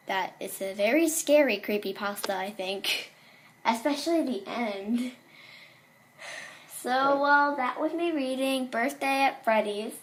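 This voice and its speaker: A woman's voice: fairly high pitch, animated, moderate pace. A woman reading a horror story aloud in a casual way, with small slips and restarts.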